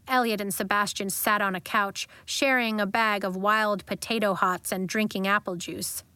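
A woman giving scripted audiobook narration of a children's story, clear and expressive. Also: mid-range voice, dry recording.

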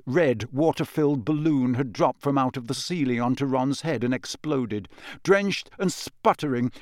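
A man reads a fantasy audiobook from a script, telling the story in a measured, expressive way. His pitch is medium, and the studio-quality recording has no echo.

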